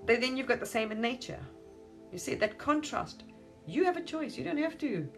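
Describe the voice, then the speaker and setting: A woman's voice: fairly high pitch, very animated, normal speed, vocal fry, soft background music. A woman speaking as a spiritual teacher in a rambling monologue. She gushes, keeps repeating words of wonder and laughs often. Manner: gushing, repeats wow and amazing, laughs often.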